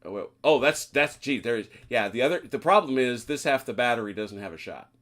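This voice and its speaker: Relaxed male game master. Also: mid-range voice, fairly quick. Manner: relaxed, guiding players through rules. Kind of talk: running a tabletop wargame.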